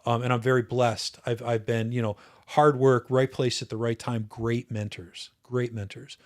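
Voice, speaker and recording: A man's voice: medium pitch, little pitch movement, normal speed, darkish tone. Earnest man in his fifties reminiscing. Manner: earnest, reflective, frequent restarts. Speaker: podcast guest, retired officer. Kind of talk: casual interview storytelling.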